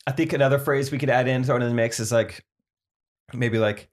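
A man in a casual comedy chat, playful and quick to laugh while inventing silly idioms. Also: medium pitch, fairly even intonation.

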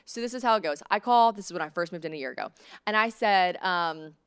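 A woman from the American South with a Southern accent, hosting a podcast and telling stories in a chatty, animated way with lots of fillers. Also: lowish voice, fast talker, clear, resonant tone. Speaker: podcast host. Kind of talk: casual storytelling chat.

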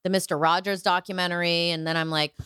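A woman in her forties, a comedian, talking candidly as a podcast guest in quick bursts with halting restarts. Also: fairly low pitch, flat delivery, bright, forceful tone, smooth, no echo, clean studio sound. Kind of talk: casual chat.

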